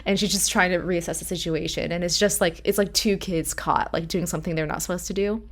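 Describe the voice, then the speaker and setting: A woman with a slightly low voice chats through a TV episode recap. She retells the scenes in a lively, animated way, acting out bits of dialogue as she goes. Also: a little fast. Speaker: podcast co-host. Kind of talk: casual TV recap chat.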